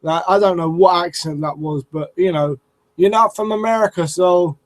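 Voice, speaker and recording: A high-pitched man speaks at a moderate pace on a low-quality recording without echo. He reviews a wrestling show casually and ramblingly, swearing and restarting sentences often, with plenty of fillers.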